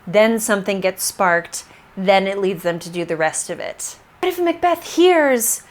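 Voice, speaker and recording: A woman talking in a casual, animated way as she reviews a film, laughing often and acting out lines in quick little voices. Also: mid-range voice. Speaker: theater review vlogger.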